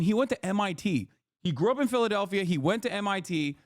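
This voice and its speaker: A man's voice: high-pitched, animated, fast talker, no room sound, studio quality. Heated, profane male streamer. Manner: heated, profane, incredulous rants. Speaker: political streamer. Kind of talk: casual livestream commentary.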